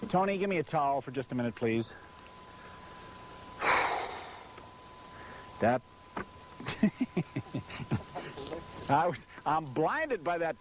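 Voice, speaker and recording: A man on a hot film set who keeps blowing his lines and curses constantly in exasperation. His voice sits a touch high and swings widely up and down. A heavy hiss runs under the old recording. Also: expressive, slow pace, long pauses. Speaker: on-camera presenter of an industrial film. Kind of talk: blown takes and outtakes on a film shoot. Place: hot studio set beside a car under bright lights.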